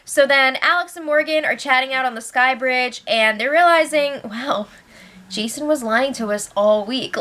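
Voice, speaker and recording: A woman hosts a casual recap in a bright, crisp voice that sits a little high. She talks chattily and with opinions, slipping into quick impressions of what others said. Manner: chatty and opinionated, acts out quotes. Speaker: show recap host.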